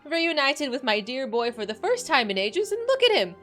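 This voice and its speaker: A woman's voice: high-pitched, very animated, soft background music. A woman putting on a fierce Scottish mother. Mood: brisk. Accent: put-on Scottish. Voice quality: sharp, bossy and brisk. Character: fierce scolding mother, middle-aged woman.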